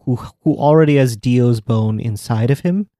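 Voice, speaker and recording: Mellow-voiced man asking questions. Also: mid-range voice, moderate pace, no echo, clean studio sound. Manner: questioning, laid-back. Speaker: podcast co-host. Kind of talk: casual chat.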